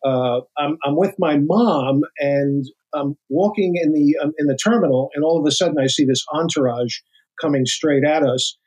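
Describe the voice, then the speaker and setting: Husky-voiced older man telling stories. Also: fairly high pitch, moderate pace, poor audio. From United States. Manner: animated anecdotes, acts out quoted voices, many restarts. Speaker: guest, former FBI agent. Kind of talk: storytelling interview talk.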